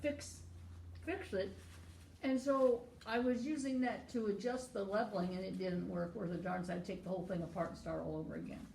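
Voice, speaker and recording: A woman cook with a gravelly edge to her voice, trading dry, understated quips. She sits well back from the mic in a roomy kitchen, with a faint hum behind her. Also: medium pitch, steady tone, a little fast, a little mellow, recorded from a distance. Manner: dry, understated humor with easy laughs. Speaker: home cook on the show. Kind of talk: casual chat. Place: home kitchen.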